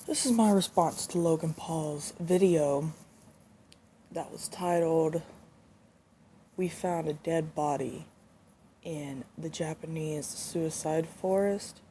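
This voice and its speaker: A woman's voice: deep voice, takes it slowly, long pauses, mellow, a little hiss or hum. A young woman ranting indignantly into her phone, swearing and repeating herself as she talks. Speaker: vlogger. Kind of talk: angry casual rant.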